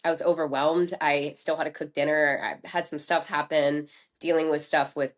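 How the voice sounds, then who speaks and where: A woman's voice: sits low, little pitch movement, moderate pace. A woman speaking openly and earnestly as a podcast guest, now and then fighting back tears. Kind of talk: candid conversational interview.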